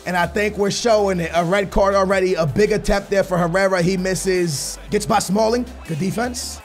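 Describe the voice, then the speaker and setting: Excitable young man yelling over gameplay. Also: high voice, moderate pace, soft background music. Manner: excitable, shouting at the game, slangy. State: voice strained. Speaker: gaming YouTuber. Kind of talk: live gameplay commentary.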